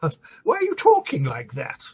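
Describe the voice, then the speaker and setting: A husky, high, lively voice belongs to a tipsy, camp bishop who fusses and drops into scripture, as an actor plays him. The recording is dull and lo-fi. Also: male voice, normal speed, exaggerated voice. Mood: flirtatious. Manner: fussy, camp, quoting scripture. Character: tipsy, flirtatious middle-aged bishop. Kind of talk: comic stage play reading.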